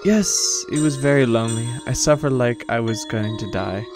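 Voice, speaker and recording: A man reading the lines of a gentle young ghost girl in a horror game, speaking softly and slowly. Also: medium pitch, over music, lightly acted. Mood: tender. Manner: soft, forgiving.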